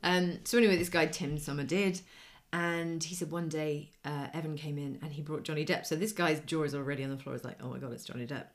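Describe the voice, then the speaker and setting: Middle-aged woman, lower voice, casual storytelling co-host. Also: fairly quick, hardly any pauses. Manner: animated anecdote-telling, acts out quoted voices. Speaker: podcast co-host.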